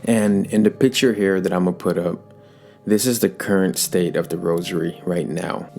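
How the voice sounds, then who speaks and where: A man co-hosting a casual podcast, explaining plainly in a measured way. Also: deep voice, vocal fry, darkish tone. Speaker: podcast co-host.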